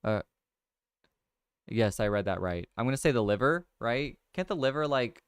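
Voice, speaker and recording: A young man casually hosting a livestream, thinking out loud over crossword clues, reading viewer comments and laughing often. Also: medium pitch, lively intonation, moderate pace, clear, resonant tone, no room sound, clean studio sound. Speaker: livestream host. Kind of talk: casual chat, solving a crossword with chat.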